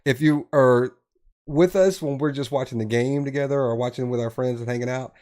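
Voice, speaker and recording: A man's voice: medium pitch, brisk, a little mellow. A man co-hosting a podcast in a casual, rambling chat, with many fillers and restarts. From Texas. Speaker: podcast co-host. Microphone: podcast mic.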